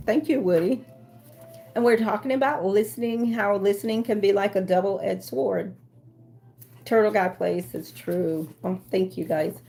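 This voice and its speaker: A woman's voice: mid-range voice, a little slow, mellow. A woman hosting a casual livestream, reading viewer comments aloud and chatting back with lots of fillers and restarts. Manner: rambling with frequent fillers and restarts. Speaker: livestream host.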